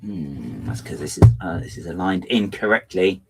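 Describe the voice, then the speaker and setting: A man's voice: normal speed, creaky. A man chatting playfully and self-mockingly while building on a livestream. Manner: lively, theatrical swings into high pitch. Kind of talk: casual livestream chat.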